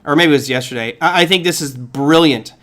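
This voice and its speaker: A middle-aged man with a fairly high voice hosts a live trading stream. He talks through the markets casually, thinks aloud and reads viewer comments as he goes. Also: brisk, fairly bright tone. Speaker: trading show host.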